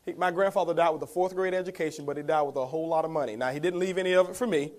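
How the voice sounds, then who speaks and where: Racing along in a fairly high-pitched voice, a network marketing speaker gives a motivational talk. He tells his story to the audience, chuckling and addressing them as guys.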